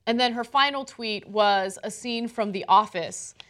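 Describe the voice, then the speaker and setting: A woman's voice: medium pitch, measured pace, fairly bright tone. A woman co-hosting a casual political commentary show, speaking conversationally and reading posts aloud with a sarcastic lilt. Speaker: co-host.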